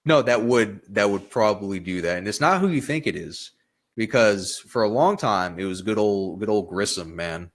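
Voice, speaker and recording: A young man telling stories in a casual podcast chat, swearing freely and animated. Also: on the low side, moderate pace. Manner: profane, animated storytelling. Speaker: podcast guest, Marine veteran.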